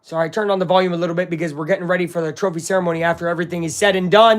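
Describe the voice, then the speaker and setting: A man hosting a casual live watch-along of a football game, excitable and swinging between hype and grumbling. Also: sits high, very fast, hardly any pauses. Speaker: live-stream sports watch-along host.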